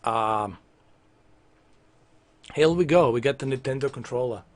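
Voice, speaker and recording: A man's voice: medium pitch, measured pace. A man chatting casually on a livestream, ranting at his viewers with lots of swearing. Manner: animated, profane ranting at viewers.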